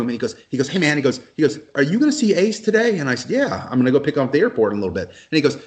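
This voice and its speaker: A man telling a story as a podcast guest over a remote call, halting, with many ums and restarts. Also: mid-range voice. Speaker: event organizer, guest.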